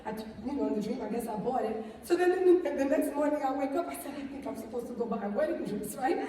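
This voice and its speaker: A woman tells her story to a live audience in a big, strongly echoing hall, heard from a distance off the mic. Her voice sits high, and she keeps it animated, laughing and checking in with the crowd as she goes. A faint crowd murmur runs underneath. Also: fast, slight background noise. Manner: animated storytelling, laughing, acting out quotes, asks "right?". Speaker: speaker sharing testimony. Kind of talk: lively testimony talk to a live audience. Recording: echoey hall from far off.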